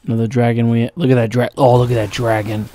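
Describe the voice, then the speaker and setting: A man's voice: mid-range voice, flat delivery, fast, warm tone. Chatty male game streamer. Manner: chatty, mimics characters in silly voices; exclaims at sudden scares. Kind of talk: casual gameplay commentary.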